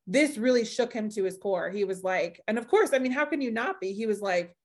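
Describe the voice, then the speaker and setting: Young adult woman, podcast guest, lively storyteller who acts out the quotes. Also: mid-range voice, a little fast. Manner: animated storyteller acting out quoted voices.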